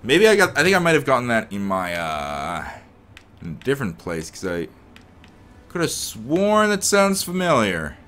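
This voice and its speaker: A man giving casual commentary while playing a game, talking to himself and to the characters, sometimes slipping into a mock accent or a hushed murmur. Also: mid-range voice, wildly swooping pitch, moderate pace. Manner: talks to himself and the game characters, rambling and reactive; slips into a mock accent, drops to a hushed murmur when sneaking. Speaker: let's play gamer.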